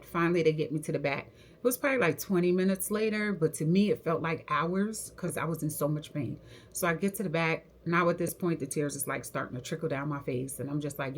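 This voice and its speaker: A young woman tells her story straight to camera in a low voice. She talks in slang and keeps acting out what each person said, in an animated, lively way. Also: normal speed, slight background noise. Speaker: hair stylist telling her story.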